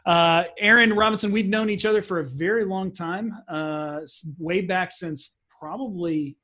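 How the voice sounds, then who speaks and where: A man's voice: high voice, normal speed, sharp tone. A man hosting a podcast, bantering and teasing his guest in casual chat. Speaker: podcast host.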